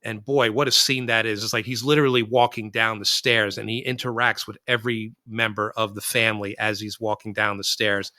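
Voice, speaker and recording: A man hosting a podcast, talking through movies in a loose, animated, rambling way. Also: mid-range voice, dry recording, clean studio sound. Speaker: podcast host. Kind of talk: casual film discussion.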